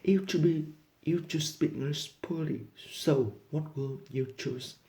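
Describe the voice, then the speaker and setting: A man's voice: a little high, a little slow, mellow. A man whose first language is Vietnamese, earnestly coaching English learners and reading practice dialogues. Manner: earnest, non-native phrasing, reads both sides of practice dialogues. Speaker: English teacher. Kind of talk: motivational lesson and dialogue reading.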